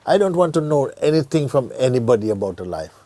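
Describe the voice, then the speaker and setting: A middle-aged man giving a gentle satsang talk as a spiritual teacher, often dropping to a near whisper and laughing easily. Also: medium pitch, big pitch swings, quick pace, no room sound. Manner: laughs easily, joyful and earnest.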